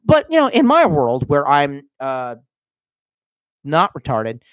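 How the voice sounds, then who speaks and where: A drunk man from Baltimore rants on his stream, profane and mocking. His pitch swings widely as he jumps between yelling and low muttering. The sound is dry and close. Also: huge pitch swings, slow, no echo. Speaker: streamer reading chat. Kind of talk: casual livestream rant.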